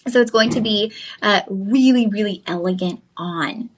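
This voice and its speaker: A woman hosting a live shopping stream, chatty and upbeat, pitching jewelry and calling viewers "y'all". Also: moderate pace, a little hiss or hum. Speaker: shopping channel host.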